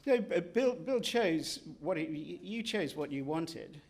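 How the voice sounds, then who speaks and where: Animated English man with a higher voice. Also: a little slow. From England. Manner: self-deprecating, animated, laughing, excitable. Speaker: illustrator. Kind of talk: conversational book talk. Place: event hall with an audience.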